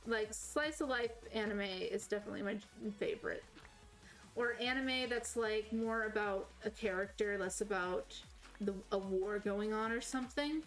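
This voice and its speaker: A woman's voice: mid-range voice, normal speed, faint music behind, poor audio. A woman with a slight Southern US accent, chatting casually and rambling as a game streamer. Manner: rambling, self-correcting, chatty. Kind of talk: casual chat while playing.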